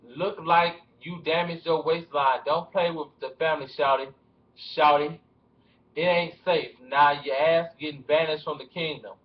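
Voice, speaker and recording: A man putting on an impression of a swaggering male rapper, drawling profane threats slowly, recorded with dull lo-fi webcam sound. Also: on the high side, lightly acted. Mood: menacing. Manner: menacing, profane, slow drawl.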